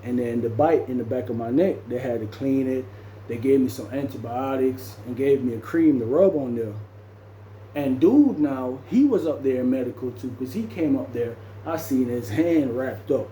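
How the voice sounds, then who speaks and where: Man, casual storytelling, acts out voices and sound effects, mellow tone, roomy echo. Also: medium pitch, moderate pace, slight background noise. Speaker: storyteller recounting his jail time.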